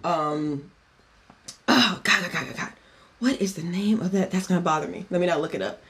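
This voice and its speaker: A man's voice: high-pitched, lively intonation, moderate pace, fairly bright tone, breathy edge. A man hosting a podcast in a casual chat, giving a cocktail recipe in a chatty, profane way and drifting off on tangents. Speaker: podcast host.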